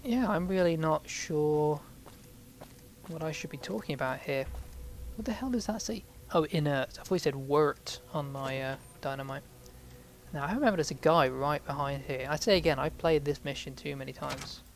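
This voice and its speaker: A man's voice: on the high side, normal speed, slight background noise. A man giving casual, rambling gameplay commentary, swearing and joking at himself. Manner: rambling, swearing, self-mocking. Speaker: let's play host.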